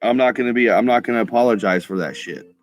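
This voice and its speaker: A man's voice: mid-range voice, fast. A man ranting in a heated, profane monologue for his vlog, often stumbling over his words and restarting, with a laid-back stoner drawl. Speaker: vlogger.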